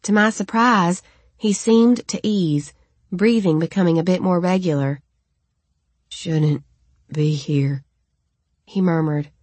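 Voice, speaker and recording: Woman narrating a novel, lowish voice. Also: steady tone, normal speed, darkish tone, dry recording. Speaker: audiobook narrator. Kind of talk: first-person novel narration.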